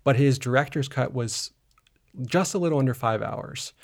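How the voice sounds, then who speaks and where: A man's voice: mid-range voice, normal speed. A man co-hosting a film podcast, recapping a movie in a rambling, casual way with lots of fillers and restarts. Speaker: podcast co-host.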